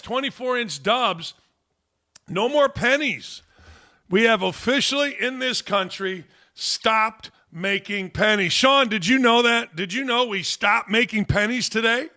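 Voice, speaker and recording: A man's voice: high voice, bright, forceful tone. An older man hosting a live fan Q&A stream, talking in a brash, profane, rambling way and telling stories. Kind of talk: casual live-stream chat.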